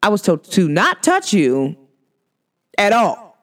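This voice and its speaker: Animated woman with a lively, swooping voice. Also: mid-range voice, slow. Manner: animated, slangy, laughs often and acts out quotes. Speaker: podcast host. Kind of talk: casual spiritual storytelling monologue.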